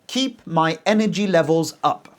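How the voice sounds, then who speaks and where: A man teaching English as a native speaker, modelling sentences for learners to repeat in a pronunciation lesson. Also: a little high. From English-speaking country. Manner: very lively teacher intonation, slow deliberate pacing.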